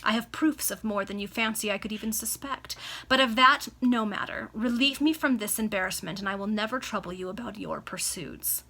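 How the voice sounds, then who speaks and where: Woman voicing a commanding male baronet, stern, emphatic, bright voice, video call read-aloud. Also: medium pitch, brisk. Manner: authoritative, emphatic.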